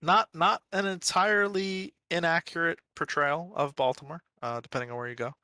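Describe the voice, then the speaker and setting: Bright, dry-voiced American man chatting. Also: on the high side, fairly even intonation, moderate pace, no room sound. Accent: Washington, D.C. area American. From Washington, D.C. area, USA. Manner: rambling, laughs easily. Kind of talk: casual chat while sculpting.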